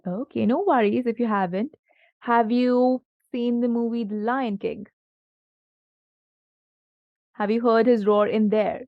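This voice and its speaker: Female tutor, fairly high voice, slow and patient with a young pupil, dull lo-fi recording. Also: steady tone, no echo. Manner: patient, encouraging, asks many questions. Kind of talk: one-on-one grammar lesson for a child.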